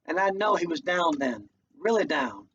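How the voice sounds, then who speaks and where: Guy doing an old mama, firm and tired, folksy talk, pitched up high, muffled far-off recording. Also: big pitch swings, fairly bright tone. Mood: wistful. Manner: slow, folksy dialect. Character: aging mother, devout, firm and weary. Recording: distant muffled home recording, faint noise.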